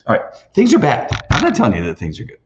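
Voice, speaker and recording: A man's voice: mid-range voice, quick pace, lo-fi sound, background noise. A man hosting a live video stream, talking off the cuff in a rambling, emphatic way with lots of restarts. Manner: animated, emphatic. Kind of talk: off-the-cuff livestream monologue.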